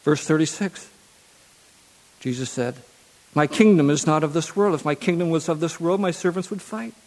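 Man, preacher, sermon, high pitch, reads verses then repeats phrases for emphasis, long hall reverb. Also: normal speed, a little mellow.

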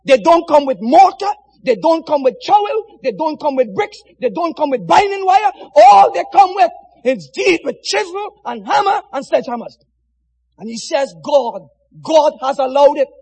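High-voiced impassioned male preacher. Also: very animated, moderate pace, big-room sound, rough recording. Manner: impassioned, swinging from shouts to near-whispers. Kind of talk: sermon.

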